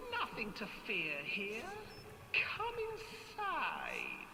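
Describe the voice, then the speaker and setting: A man putting on a shrill old witch. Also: huge pitch swings, extremely slow, creaky, bright, forceful tone, heavily acted. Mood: coaxing. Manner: high, sing-song, theatrical. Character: cackling old female witch, cruel and greedy. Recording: long reverb with music behind.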